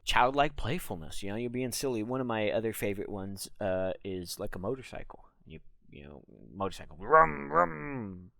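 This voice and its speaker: A man streaming a casual solo talk, rambling and breaking into loud laughs to demonstrate. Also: on the low side, dry recording.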